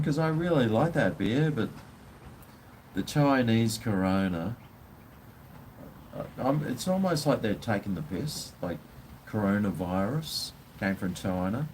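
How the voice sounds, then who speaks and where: Casting: Australian bloke, live-stream host, sweary and rambling, faint background hum. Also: male voice, lowish voice, a little mellow. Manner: rambling, blunt, swears freely. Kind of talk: casual live-stream chat.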